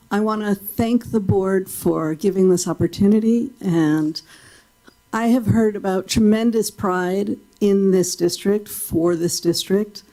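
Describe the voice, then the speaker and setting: A woman giving a measured, reasoned public comment at a school board meeting. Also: fairly low pitch, warm tone, rough recording.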